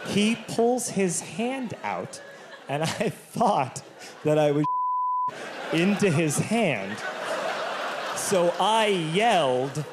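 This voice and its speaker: A man's voice: sits high, big pitch swings, very slow, pauses often, background noise. A man telling a stand-up comedy story on stage, acting out the other people in it with put-on voices. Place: comedy stage before a laughing audience.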